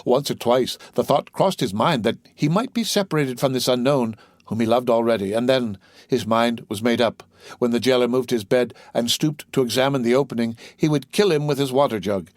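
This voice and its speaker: A man narrating a classic novel as an audiobook with a steady, even reading. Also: mid-range voice, fairly quick, dry recording, clean studio sound.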